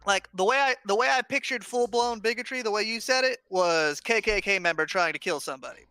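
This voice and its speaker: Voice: mid-range voice, fairly quick, sharp tone, clear, resonant tone, no echo. A host in a casual online discussion over a video call, arguing points and restarting phrases while thinking them through.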